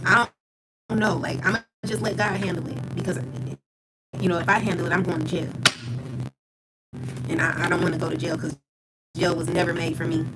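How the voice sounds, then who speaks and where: A woman tarot reader giving viewers a spiritual pep talk. She speaks in a calm, steady monotone, rambles with repeated filler phrases and uses blunt, casual slang. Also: lowish voice, very noisy. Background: background music.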